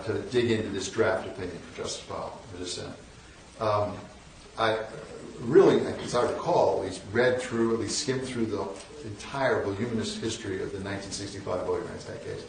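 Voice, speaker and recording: A man's voice: lowish voice, slight background noise. A man in his sixties telling wry, self-deprecating anecdotes as a guest lecturer, with frequent restarts. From northern United States. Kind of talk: storytelling lecture. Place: large lecture hall. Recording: echoey hall, mic at a distance.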